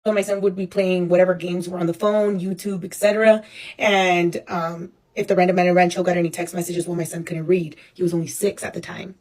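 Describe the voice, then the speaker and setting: A woman in her thirties telling a personal story for a casual storytime vlog, animated and profane, acting out the people she quotes. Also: lowish voice, brisk. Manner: animated, profane, dramatic retelling with acted-out quotes. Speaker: storyteller recounting her own life.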